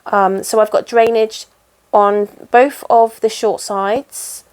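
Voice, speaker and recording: A woman's voice: on the high side, fairly even intonation, slow, darkish tone, clear, resonant tone. A woman in casual chat while she stitches, rambling and poking fun at herself. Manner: rambling, chatty and self-deprecating. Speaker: cross-stitch vlogger.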